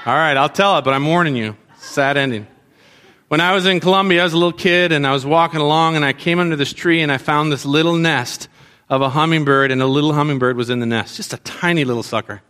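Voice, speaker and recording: Bright, lively man preaching to kids. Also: a little high, quick pace, clear, resonant tone. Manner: animated, asks the kids questions. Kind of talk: sermon to children.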